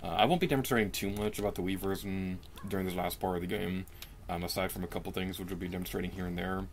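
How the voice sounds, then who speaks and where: There's a faint hiss or hum as a young man rattles off fast let's play commentary at his desk mic. He's chatty and self-deprecating, and excitement sends his pitch leaping without warning.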